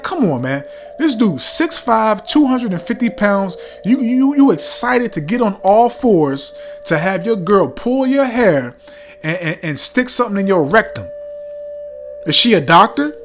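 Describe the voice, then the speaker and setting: A man's voice: high-pitched, sing-song, unhurried, slight background noise. A man preaching a heated rebuke sermon, reading scripture between blunt, profane remarks, often stumbling over fillers and repeating "man".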